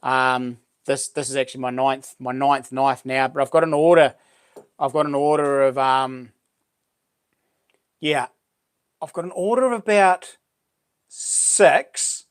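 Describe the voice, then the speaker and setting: A New Zealand man hosting a casual live stream, chatting in a relaxed way, full of slang and reading out viewer comments. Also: medium pitch, measured pace, pauses often, smooth. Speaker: livestream host.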